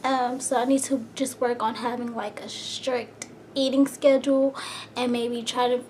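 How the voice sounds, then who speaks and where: A young woman vlogging, her voice sitting fairly high as she talks quickly and casually. She sounds slightly out of breath and keeps filling her sentences with "like" and "you know." Faint background noise runs under her voice. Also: little pitch movement, darkish tone. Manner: fast-talking, chatty, lots of "like" and "you know". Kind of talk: casual chat to camera.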